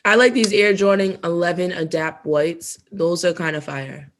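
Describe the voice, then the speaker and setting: A woman's voice: lowish voice, steady tone, moderate pace. Woman co-host, casual mukbang podcast chatter, laughs often, talks through shopping and food tips. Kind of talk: casual podcast chat while eating.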